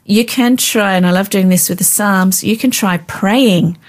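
A woman calmly teaching how to read and pray through the Bible, in an unhurried, instructive way with frequent filler sounds. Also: medium pitch. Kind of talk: devotional teaching chat.

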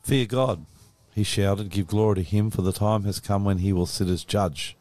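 A man's voice: fairly low pitch, normal speed, a little mellow, dry recording. A tired man reading scripture aloud and giving short replies on live radio. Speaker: radio co-host. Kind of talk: live radio Bible study.

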